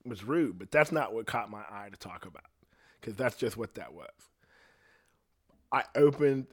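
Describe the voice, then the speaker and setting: A man's voice: on the low side, lively intonation, moderate pace, long pauses, slightly rough. A man hosting a podcast, ranting in a rambling, profane casual monologue, a little jittery from coffee. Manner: profane, rambling, quotes others in voices. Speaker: podcast host.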